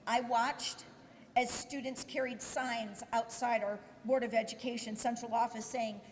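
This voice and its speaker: Woman, earnest rally speech, measured, appealing to lawmakers, somewhat high voice, echoey hall. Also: steady tone. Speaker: speaker at an education rally. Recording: echoey hall with faint noise.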